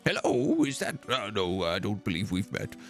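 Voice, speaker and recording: A man's voice: on the low side, wildly swooping pitch, moderate pace, soft background music. A man voicing a polite, frail old male antique dealer in a video game, speaking hesitantly and apologetically. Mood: genial.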